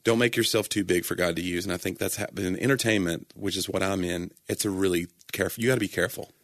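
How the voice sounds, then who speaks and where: A man's voice: deep voice, fairly even intonation, quick pace, no room sound, studio quality. A man who performs and speaks at churches, chatting earnestly about faith and often correcting himself mid-thought. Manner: earnest, rambling, self-correcting. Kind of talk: casual faith conversation.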